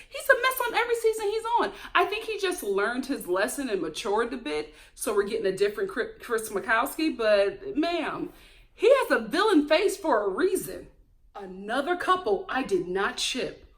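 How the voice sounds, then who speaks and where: A woman hosting a casual reality TV recap, talking in an animated, gossipy way and mimicking the cast. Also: mid-range voice. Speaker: show recap host.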